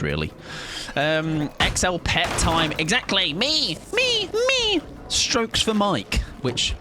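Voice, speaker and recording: A man streaming a game live, chatting with his viewers in a casual, jokey way. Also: lowish voice. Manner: chatty, jokey, reads chat aloud. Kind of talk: casual live-stream chat while gaming.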